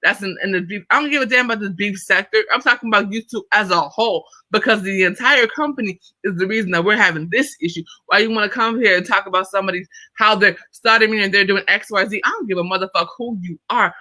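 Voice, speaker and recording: A woman hosting a livestream, ranting in an irritated, profane, confrontational way at a fast and emphatic pace. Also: mid-range voice, bright, forceful tone, no room sound, poor audio. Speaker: livestream host. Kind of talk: livestream commentary rant.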